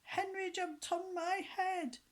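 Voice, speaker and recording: A woman's voice: high voice, lively intonation, unhurried, a little mellow, voice pushed up. A woman voicing a whiny little boy who tells on his brother, snivelling and pleading, for a read-aloud story. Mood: whining. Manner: snivelling, whining.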